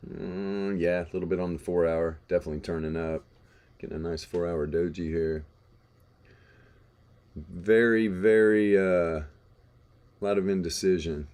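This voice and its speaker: A man's voice: low voice, steady tone, a little slow, long pauses, a little mellow. A man hosting a live trading stream, chatting casually about charts, swearing and laughing as he tells stories. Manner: laid-back, swears, laughs while telling stories.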